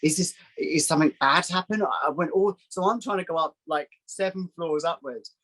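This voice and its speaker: A man, a psychic guest telling a story in casual chat, acting out quoted voices in a higher pitch. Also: normal speed, fairly bright tone, rough recording. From England.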